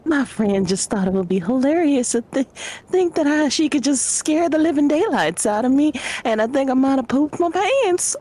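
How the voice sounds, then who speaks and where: A woman's voice: sits high, lively intonation, very fast, hardly any pauses, pitched above the performer's own voice. A woman voicing a jumpy, easily frightened young witch student who bursts out in flustered shrieks. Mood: apologetic.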